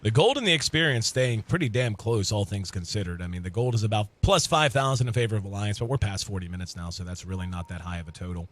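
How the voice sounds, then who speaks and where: A man doing live video game commentary in a relaxed, conversational way, thinking aloud with the occasional filler and an easy laugh. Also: fairly low pitch, fast talker, hardly any pauses, dry recording. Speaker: esports commentator.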